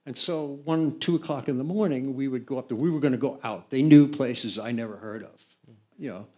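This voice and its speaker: An older American record producer telling anecdotes in an interview, acting out the people in his story with lively changes of voice. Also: medium pitch, brisk. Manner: animated storyteller, acts out other people's lines.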